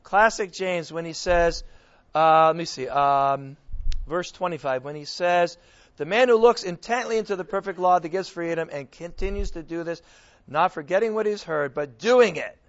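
Leading a Bible study, a preacher teaches scripture to a group, putting questions to them and frequently starting over mid-thought. His voice sits fairly high and moves at a moderate pace, captured on a dull, lo-fi recording.

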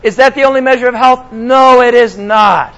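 A man's voice: very high voice, moderate pace, a bit bright, low-quality recording. A man preaching a sermon as pastor, talking conversationally to his congregation and slipping in sarcastic asides.

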